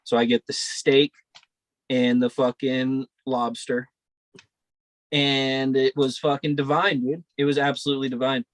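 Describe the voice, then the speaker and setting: Young dude rambling a cursing story on a podcast, mid-pitch, dry. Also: male voice, little pitch movement, a little slow, no room sound. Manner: profane, rambling, laid-back storytelling. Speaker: podcast co-host. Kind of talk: casual storytelling chat.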